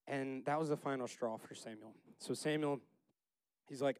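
A man leading a casual Bible study, chatty and laughing, acting out the characters in quick asides. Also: medium pitch, a little mellow, clear, resonant tone, no room sound.

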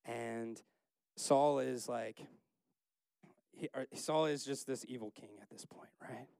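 A man's voice: mid-range voice, fairly even intonation, slow pace, vocal fry, darkish tone, no echo. Chatty man leading a Bible study. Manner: chatty, laughing, acts out characters in quotes. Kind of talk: casual Bible study talk.

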